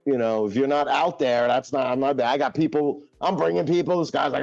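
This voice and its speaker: A man's voice: mid-range voice, fairly even intonation, fairly quick, creaky, darkish tone, no room sound, muffled recording, soft background music. A man co-hosting a podcast in casual chat, laid-back and slangy, giving short replies. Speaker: podcast co-host.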